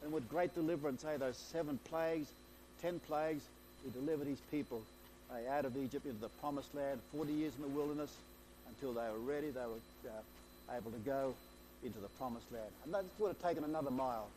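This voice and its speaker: A man preaching a sermon, retelling scripture in an excitable, storytelling way, often repeating and restarting his phrases. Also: mid-range voice, brisk, a little hiss or hum.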